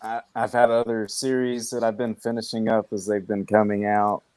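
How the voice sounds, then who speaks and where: A man speaking in a casual podcast chat, relaxed and plain-spoken. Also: lowish voice, moderate pace, clear, resonant tone, dry recording.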